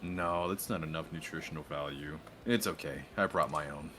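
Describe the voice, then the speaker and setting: A man's voice: a bass voice, moderate pace, pushed and bright, faint music behind. A man playing a tabletop game, speaking earnestly in character as a young knight. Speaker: player. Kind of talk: tabletop game role-play.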